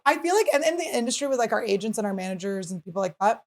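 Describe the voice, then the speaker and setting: A young adult woman hosting a comedy podcast in a studio, joking fast and acting out quotes in casual chat. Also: mid-range voice, lively intonation. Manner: quick, joking, acts out quotes. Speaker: podcast host.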